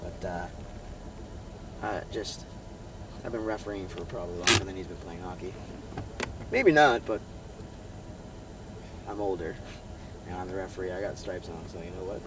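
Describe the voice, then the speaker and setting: A man's voice: low-pitched, normal speed, pauses often, recorded from a distance. Rambling young man in a noisy car. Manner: rambling, animated storytelling with many fillers. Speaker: vlogger. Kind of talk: casual chat.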